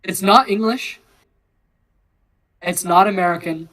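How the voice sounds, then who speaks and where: A man in a casual philosophical discussion who speaks clearly and loudly, stressing his words and speaking carefully. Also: high-pitched, normal speed, poor audio. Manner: clear, loud, emphatic, careful speech. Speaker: discussion participant.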